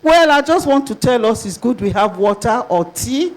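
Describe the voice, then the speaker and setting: Lively older Nigerian woman lecturing. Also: fairly high pitch, moderate pace. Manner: lively, talks straight to the audience with rhetorical questions. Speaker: conference speaker. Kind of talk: plenary conference talk.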